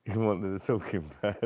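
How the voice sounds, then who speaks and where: A man's voice: lowish voice, no echo. A British man in casual chat, swearing and joking as he coaxes his pet parrot to talk. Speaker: vlogger.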